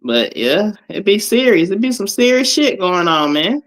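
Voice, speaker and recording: A woman's voice: mid-range voice, very animated, moderate pace. A woman hosting a casual livestream, laughing, cussing and repeating herself. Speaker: livestream host. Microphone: streaming call.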